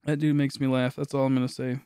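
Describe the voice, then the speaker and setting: A man's voice: medium pitch, little pitch movement, fast talker, dark tone, smooth, dry recording, clean studio sound. A man in his late twenties, a streamer rambling through a funny story, laughing often and swearing casually.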